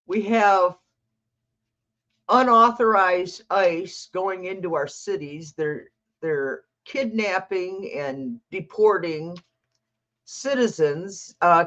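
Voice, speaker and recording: Older woman, tarot stream host, slow lively chat, slightly dull audio. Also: fairly low pitch. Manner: chatty, reads out viewer comments, talks to her cat. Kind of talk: casual livestream chat.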